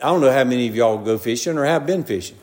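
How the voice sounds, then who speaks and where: A man's voice: medium pitch, fast talker, a little mellow. An older man with a Southern US accent preaching a folksy, conversational sermon, telling homely stories and repeatedly addressing his listeners as "brethren.". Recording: long reverb of a large hall.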